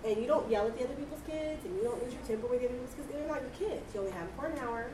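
A woman's voice: high-pitched, background noise. A woman in a room full of parents, candidly sharing her own experience with the class. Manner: candid, earnest, quick. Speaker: class participant. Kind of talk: sharing from the audience. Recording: roomy, from far off mic, crowd around.

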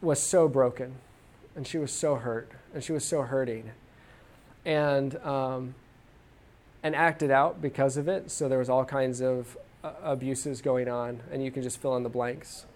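A man's voice: mid-range voice, steady tone, a little slow, a little mellow. A man from Texas teaching a church parenting class in an earnest, folksy way, with many restarts as he tells stories. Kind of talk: conversational teaching talk with stories.

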